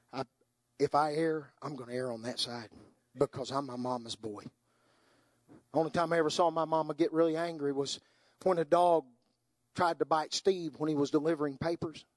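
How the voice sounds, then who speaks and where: An older man preaching a sermon, moving from hushed, tender storytelling to soaring, impassioned climaxes. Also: on the high side, normal speed, long pauses, no echo.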